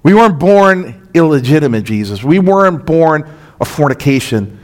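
A man's voice: on the high side, big pitch swings, moderate pace. A man preaching an expository sermon as a pastor, earnest and emphatic, with rhetorical asides to the congregation.

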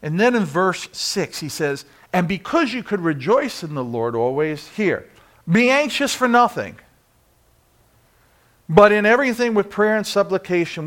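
A pastor preaches a sermon in church, addressing the congregation with rhetorical questions, singing bits of a hymn and shifting from quiet to loud. His voice sits high.

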